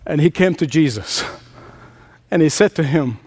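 Man, preacher, sermon, high voice, emphatic, repetitive, laughs often. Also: lively intonation, normal speed, darkish tone. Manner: emphatic, repeats key phrases, laughs often.

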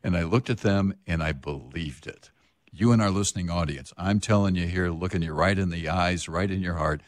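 An older man hosting a faith talk radio show, earnest, slowing down to stress his points. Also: low voice, no echo, clean studio sound. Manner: earnest, slows down for emphasis. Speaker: radio host. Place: radio studio.

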